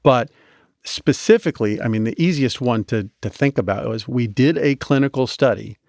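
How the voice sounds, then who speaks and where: A man being interviewed on a podcast, telling stories in an animated, chatty way with many restarts. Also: mid-range voice, moderate pace, no room sound, clean studio sound. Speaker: guest, medical device inventor.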